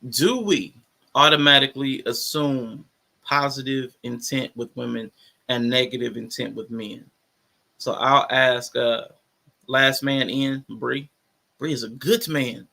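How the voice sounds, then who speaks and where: Gravelly, bright-voiced male host. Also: mid-range voice, measured pace. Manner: playful, affirming, lots of backchannel. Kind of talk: casual podcast hosting.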